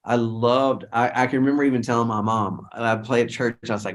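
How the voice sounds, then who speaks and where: A man's voice: mid-range voice, steady tone, fairly quick, few pauses. A middle-aged man, a guest worship leader, telling stories in a casual interview in a rambling way, with many restarts and quoted dialogue.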